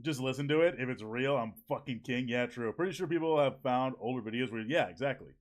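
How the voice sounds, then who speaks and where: Speaking fast at medium pitch, this man hosts an evening stream from home. He chats loosely with viewers and reacts to them, joking, swearing and laughing frequently.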